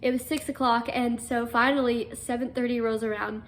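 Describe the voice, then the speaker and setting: A woman's voice: on the high side, steady tone, moderate pace. A young adult woman earnestly telling a personal story, full of fillers and restarts. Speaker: guest telling her story.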